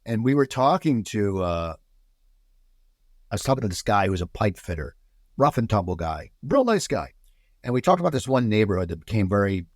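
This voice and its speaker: An animated American man, a guest in a casual podcast chat, tells stories with a pitch that bounces up and down. He frequently restarts sentences and circles back before reaching his point. The audio is close and dry, with no echo or room sound.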